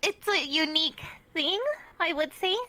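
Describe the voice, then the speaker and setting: A woman chatting as an interview guest, talking loosely with lots of "like" and quick giggles. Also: extremely high pitch, sharp tone. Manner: chatty, filler-heavy, giggly. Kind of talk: casual chat.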